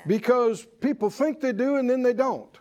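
A man's voice: very high-pitched, moderate pace. A man preaching a sermon, calling out questions to the congregation and acting out voices with laughter. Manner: animated, call-and-response with the congregation; acts out quoted voices and laughs often. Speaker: pastor.

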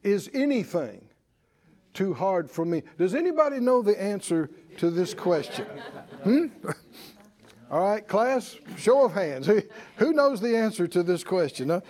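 High-pitched, animated male preacher. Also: unhurried. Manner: animated, call-and-response with the congregation; acts out quoted voices and laughs often. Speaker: pastor. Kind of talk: sermon.

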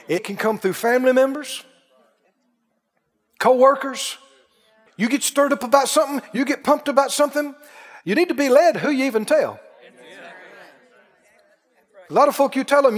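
Folksy preacher in a reverberant hall. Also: male voice, very high voice. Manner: folksy, dips soft then rises to shouts. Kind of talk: sermon. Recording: long reverb of a large hall.

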